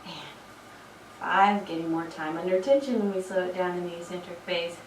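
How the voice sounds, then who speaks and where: A woman's voice: on the low side, steady tone, fairly quick, a little hiss or hum. Chatty fitness instructor woman counting reps. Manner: encouraging, chatty asides between counted reps. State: frog in her throat. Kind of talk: workout instruction with rep counting. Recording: echoey room, mic far off.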